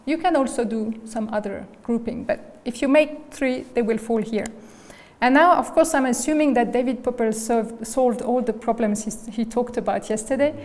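Woman lecturer, kinda high voice, walks through ideas step by step, lots of "okay?", long hall echo. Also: moderate pace, darkish tone. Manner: explains step by step, often checks in with "okay?" and "right?". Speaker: guest lecturer. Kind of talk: academic lecture.

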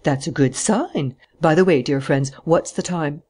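A reader doing a self-assured gentleman thief in an audiobook, ceremonious and mocking. He stays grandly polite while teasing everyone around him. The pitch sits in a middle register. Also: unhurried, husky. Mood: jaunty mocking. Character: jaunty gentleman thief, adult man, supremely confident. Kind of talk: audiobook character voice.

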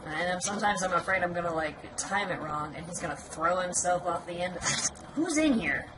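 This let's play features a young woman with a lowish, expressive voice talking a little fast. She jokes teasingly and laughs often while gaming, recorded at home with audible background noise.

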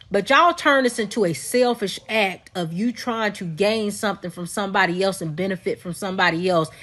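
A woman speaking in a preachy, lecturing tone, as in a social media clip. Her voice sits at a middle pitch.

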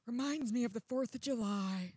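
A woman's voice: a little high, mellow, slightly rough, pitched above the performer's own voice. A woman putting on a huffy Southern lady. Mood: indignant. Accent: Southern US (put on). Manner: huffy, threatening, drawn-out sweetness. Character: offended indignant Southern older woman caller. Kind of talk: prank voicemail.

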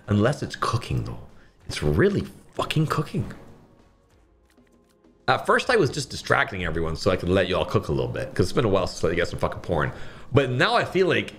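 A young man from Barbados streaming slots, rambling casually with lots of swearing and sudden shouted bursts. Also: lowish voice.

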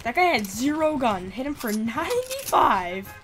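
A woman streaming a live game, ranting profanely in frustration and breaking into sudden shouts. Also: on the high side, wildly swooping pitch, moderate pace, over loud music. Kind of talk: live gameplay commentary. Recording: noisy background.

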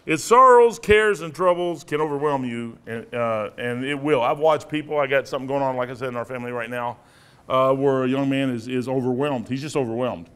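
A man's voice: mid-range voice, a little fast, a bit bright, clear, resonant tone. A man in his sixties, a pastor with a Midwestern American accent, preaching a sermon in a folksy, rambling storytelling way with asides. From United States. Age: 60s.

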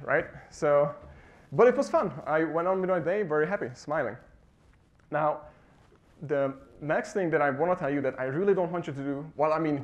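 Male keynote speaker, slightly high voice, motivational, animated storyteller who acts out quotes. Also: lo-fi sound. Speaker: conference speaker. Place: conference stage before a live audience.

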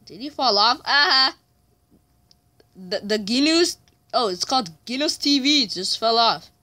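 Bright-voiced male gamer, taunting. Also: very high-pitched, lively intonation, a little slow. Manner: chatty, taunting opponents and yelling challenges; mutters frustration, mild swearing. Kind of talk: let's play commentary.

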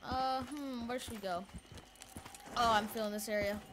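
High-voiced excitable gaming commentator woman. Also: moderate pace. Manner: rambling, excitable, many fillers like "you know". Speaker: gaming YouTuber. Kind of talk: casual let's play commentary. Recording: home recording with loud background noise.

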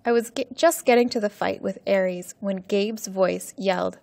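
A woman teacher reads a chapter aloud for English learners at a careful, clear pace. Her voice sits at an ordinary middle pitch. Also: normal speed, hardly any pauses, a little mellow, dry recording. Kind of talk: storybook reading for English learners.

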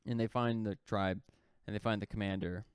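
A man's voice: on the low side, steady tone, brisk, clean tone, no echo, studio quality. A man co-hosting a podcast, casually retelling a story in a loose, rambling way full of "like" fillers. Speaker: podcast co-host.

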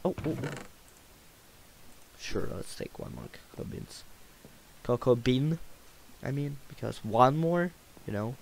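A man's voice: medium pitch, expressive, a little slow, vocal fry, long pauses, a little hiss or hum, rough recording. Man playing up a put-on Russian accent. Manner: playful, jokey rambling. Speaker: gamer. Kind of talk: casual gameplay commentary.

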